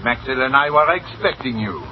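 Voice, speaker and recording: A man's voice: medium pitch, animated, a little fast, lightly acted. A man playing a blustering, scheming cafe manager. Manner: blustering, insulting, theatrical. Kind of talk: 1940s radio acting. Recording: dull old radio recording with faint hiss.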